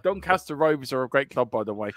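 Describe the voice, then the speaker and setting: A man's voice: medium pitch, expressive, quick pace, slight background noise. A man with a Cork Irish accent, co-hosting a live football stream, teasing and laughing through rambling banter full of fillers. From Ireland. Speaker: co-host of a football watchalong stream.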